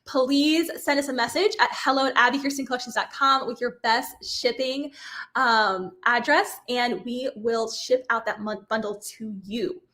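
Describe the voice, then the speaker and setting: Bubbly, higher-voiced woman craft host. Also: normal speed, sharp tone. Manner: bubbly, chatty, laughs often, apologizes over names. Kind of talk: live-stream giveaway chat.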